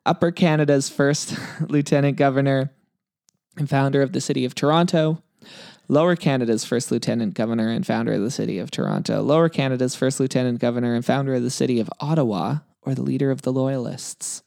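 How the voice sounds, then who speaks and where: A man reading multiple-choice quiz questions aloud in a relaxed, casual chat, then talking over the answers. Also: mid-range voice, brisk, creaky, no echo. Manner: reads options steadily, relaxed and dry. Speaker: quiz reader, co-host.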